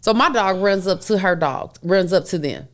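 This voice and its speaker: A woman hosting a podcast, telling a story in casual chat, animated and profane, often breaking into laughter. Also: on the low side, normal speed. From US Midwest. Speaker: podcast host.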